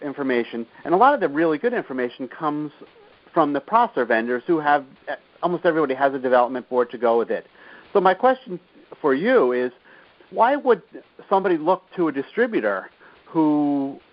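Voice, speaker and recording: A man's voice: on the high side, muffled recording. Chatty New Jersey man hosting. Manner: chatty, jokey, restarts phrases. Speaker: podcast host. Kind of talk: business interview.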